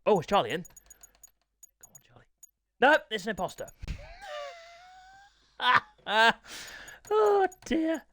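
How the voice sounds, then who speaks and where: A young man hosting a sim racing league stream in casual, chatty, self-deprecating livestream talk, often clearing his throat. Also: sits high, lively intonation, slow, pauses often, sharp tone, a little hiss or hum.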